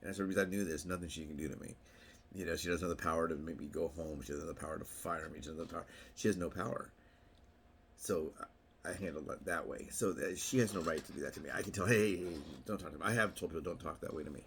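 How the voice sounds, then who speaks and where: A middle-aged man with an extremely low, booming voice chats straight to camera. He tells long, wandering stories and acts out other people's words in a louder voice. Faint noise sits behind him. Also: quick pace, vocal fry. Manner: rambling, anecdotal, acts out quotes in a raised voice. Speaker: vlogger. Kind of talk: casual monologue to camera.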